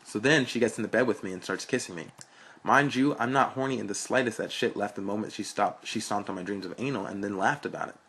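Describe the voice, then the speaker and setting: A man's voice: lowish voice, fast talker, a bit bright, slightly rough. A young man reading a story aloud in a frank, blunt, profane way. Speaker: narrator.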